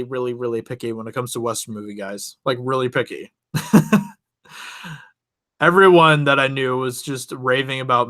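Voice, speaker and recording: A man's voice: medium pitch, pushed and bright. A young man hosting his channel, casually telling a rambling personal story to his viewers and laughing often. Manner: rambling, chatty, laughs often, many restarts. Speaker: channel host.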